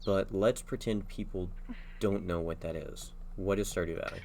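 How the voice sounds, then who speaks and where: A man's voice: low-pitched, steady tone, normal speed, darkish tone. A young man from Texas, a streamer chatting casually and asking joking interview questions while he plays a game. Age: young adult. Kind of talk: casual chat while gaming.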